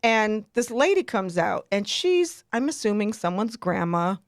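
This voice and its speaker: A middle-aged woman, hosting a podcast and telling a story in a lively, laughing way. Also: mid-range voice, unhurried, no room sound, clean studio sound. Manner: animated, laughs a lot, acts out quotes. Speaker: podcast host. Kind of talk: casual storytelling chat.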